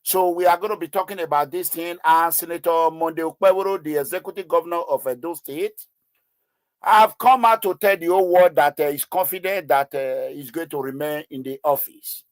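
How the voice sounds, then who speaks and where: A man's voice: a little high, fairly quick, dry recording. A man giving emotional news commentary in an impassioned, pleading way, with many fillers and repeats.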